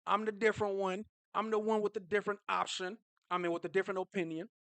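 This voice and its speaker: Male fan vlogger, high voice, dry close sound, fired-up repetitive rant. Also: little pitch movement, fast, creaky, fairly bright tone, no room sound. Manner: impassioned and repetitive, restarting phrases.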